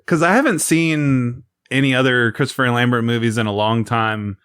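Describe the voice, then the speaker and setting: A man's voice: medium pitch, moderate pace, a bit bright, dry recording, clean studio sound. A man co-hosting a film podcast, joking and laughing a lot in casual chat. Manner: joking, laughs a lot, mock-gravelly impressions. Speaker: podcast co-host.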